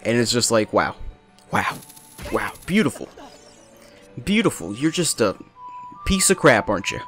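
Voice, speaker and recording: A man's voice: fairly low pitch, big pitch swings, normal speed, a bit bright, soft background music. A young man giving rambling, jokey, self-deprecating commentary over a game at a home desk mic, hopping from topic to topic. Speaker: let's play commentator. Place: small hot bedroom with a fan running.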